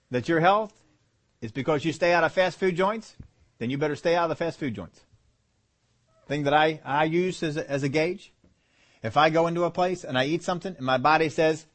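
A man with a slightly high voice preaches to his listeners. His delivery is animated, swinging between scripture readings and playful, laughing asides. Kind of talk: sermon.

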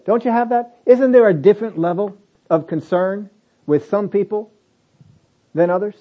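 A man preaching a sermon, animated and acting out the reactions he quotes. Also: sits high, normal speed, lo-fi sound. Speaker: pastor.

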